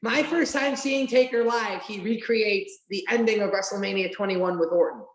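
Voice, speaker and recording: Excited, rambling woman in a roomy room. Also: mid-range voice, moderate pace. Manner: excited, rambling storytelling with swearing. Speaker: guest. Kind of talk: casual podcast chat. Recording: roomy echo.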